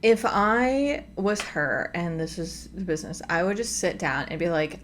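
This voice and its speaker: A woman's voice: fairly low pitch, lively intonation, a bit bright, slight background noise. Exasperated woman host at a desk. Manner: exasperated, emphatic, fast asides. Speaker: commentary host. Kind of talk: reaction commentary. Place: home office desk. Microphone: desk microphone.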